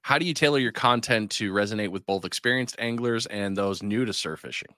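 Male podcast host, low voice, blunt and teasing, dry close sound. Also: brisk, pushed and bright, dry recording. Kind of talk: casual interview chat.

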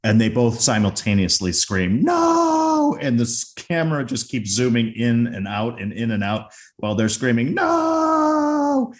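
A man's voice: lowish voice, normal speed, few pauses. A man casually recapping a favorite comedy film scene, chatty and full of restarts. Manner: chatty, retells scenes with acted quotes. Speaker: film commentator.

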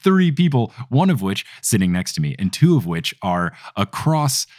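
A man's voice: fairly low pitch, big pitch swings, moderate pace, a little mellow, dry recording, studio quality. A man in his twenties hosting a podcast, chatting playfully with upbeat, jokey intros. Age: 20s. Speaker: podcast host. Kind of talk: casual podcast chat. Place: studio with a guest beside him.

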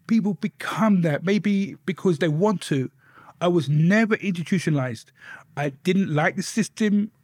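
Gently spoken guy, kinda high voice, lots of swearing, dry sound. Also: normal speed, dry recording. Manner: softly spoken, swears freely. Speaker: guest. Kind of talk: telling his life story.

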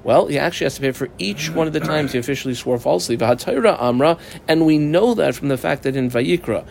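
A man's voice: a little high, expressive, fast, vocal fry, darkish tone, a little hiss or hum. A man teaching a small Talmud class, reading the Aramaic text, translating it phrase by phrase, and asking and answering his own questions as he explains. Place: small study group.

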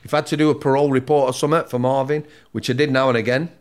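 A man's voice: mid-range voice, little pitch movement, racing. A man hosting a podcast, a former prison officer, speaking firmly and cutting in with repeated calls to listen. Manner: firm, cuts in with repeated "listen". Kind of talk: casual podcast chat.

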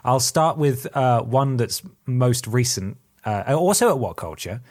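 A man's voice: medium pitch, animated, a little slow, a little mellow. A man chatting casually as a podcast co-host, telling self-deprecating work stories. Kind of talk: casual chat.

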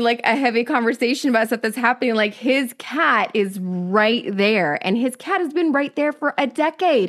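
A woman's voice: on the high side, fairly bright tone. A woman hosting a podcast in casual chat, talking in a chatty way with lots of "like" and laughing easily. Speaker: podcast host.

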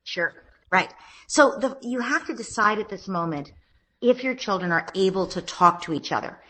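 A woman, a parenting expert, calmly explaining what parents can say to children who are fighting. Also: mid-range voice, moderate pace. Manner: calm, explanatory, acts out gentle parent lines. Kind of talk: advice conversation.

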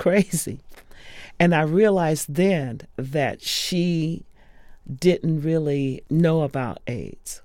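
A woman sharing personal memories of a close friend in an interview, soft-spoken and often dropping to a hush. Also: deep voice, slow, no echo.

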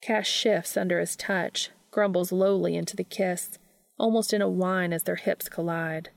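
A woman calmly reading fan fiction aloud in an unhurried narrating voice. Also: fairly low pitch, gravelly, no echo, clean studio sound. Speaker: reader.

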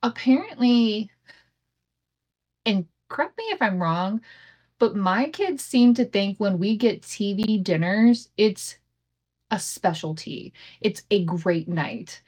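A woman's voice: mid-range voice, lively intonation, takes it slowly, darkish tone. A woman in her thirties hosting her own podcast, telling a family story in a candid, casual way, swearing freely and laughing often, recorded on a home setup with imperfect audio. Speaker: podcast host.

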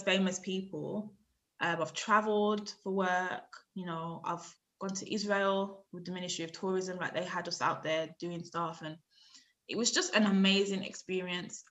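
A woman in her thirties with a lowish voice tells her story as a guest on a podcast. She talks casually and with lots of life, acting out what other people said and laughing often. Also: a bit bright. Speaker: podcast guest, writer and journalist.

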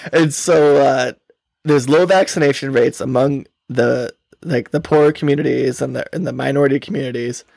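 A man's voice: medium pitch, moderate pace, creaky, darkish tone, dry recording, studio quality. A man co-hosting a podcast, rambling through casual talk with frequent swearing and laughter. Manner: rambling, profane, laughs often. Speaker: podcast co-host.

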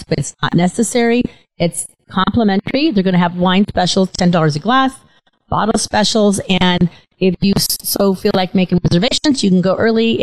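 A woman's voice: medium pitch, low-quality recording. A middle-aged woman hosting a casual interview show, telling stories in a chatty way with an occasional stutter. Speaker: talk show host.

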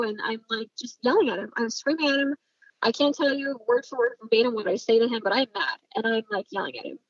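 A woman's voice: fairly high pitch, brisk, breathy edge, no echo, lo-fi sound. A woman telling a personal story in casual speech, intense and swearing freely. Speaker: storyteller recounting a personal family event.

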